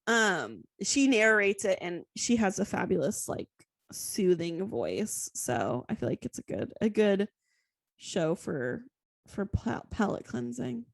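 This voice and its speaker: A woman co-hosts a podcast, rambling through a casual chat full of "like" and "um." Her voice is medium in pitch, very animated and slow, with vocal fry and no echo.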